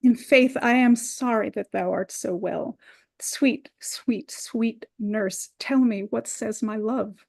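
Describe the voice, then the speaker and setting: A woman's voice: on the high side, measured pace, gravelly, darkish tone. Woman reading an impatient young girl in love. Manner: urgent, pleading, rising exclamations. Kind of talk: Shakespeare play reading.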